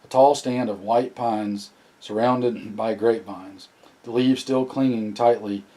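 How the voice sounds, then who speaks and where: A man narrating an audiobook in a plain, steady reading with occasional restarts. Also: on the low side, a little slow, low-quality recording. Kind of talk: scripted narration.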